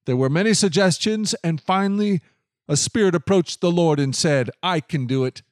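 A man's voice: high voice, normal speed, dry recording, voice pushed up, natural voice. Stern prophet guy, solemn and firm, read by a man, dry close mic. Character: male prophet, stern and unyielding.

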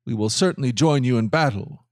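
A man's voice: medium pitch, expressive, fairly quick, a little mellow, no room sound, clean studio sound, natural voice. A man voicing an agreeable, devout king in a scripted Bible reading, earnest and reasonable.

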